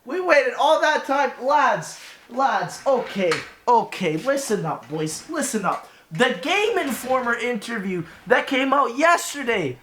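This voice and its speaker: A man's voice: very high-pitched, very animated, a little slow, hardly any pauses, a bit bright. A man in his twenties streaming, dramatic and whiny, with an exaggerated mopey manner. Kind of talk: live stream reaction.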